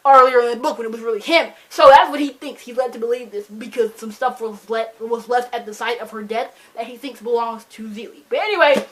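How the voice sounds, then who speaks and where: Young woman, from Michigan, book vlogger, casual review ramble, dramatic retelling, fillers, higher voice, camera mic. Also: a little fast, hardly any pauses. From Michigan, USA. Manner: animated, dramatic plot retelling with lots of fillers.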